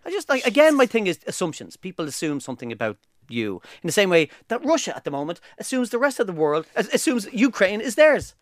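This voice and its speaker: A middle-aged Irish man co-hosting a podcast in casual chat, rambling and animated. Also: sits high, no echo, studio quality. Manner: animated, rambling, quick-talking. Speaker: podcast co-host.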